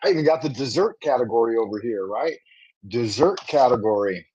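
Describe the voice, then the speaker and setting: A man's voice: mid-range voice, expressive, a little fast, a little mellow, breathy edge. A man in the middle of his range, chatting loosely to viewers on a livestream and tossing in playful rhymes. His audio sounds a bit dull and lo-fi, like a home stream setup. He rambles casually between food ratings and side topics. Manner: playful, rhyming patter, chatty asides to viewers. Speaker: livestream host.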